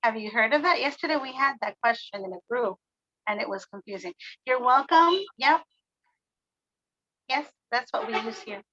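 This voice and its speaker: A woman's voice: a little high, animated, normal speed, pushed and bright, no echo, highs cut off. A woman who teaches at a private school, speaking up conversationally in an online meeting over a video call. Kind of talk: participant sharing in an online meeting.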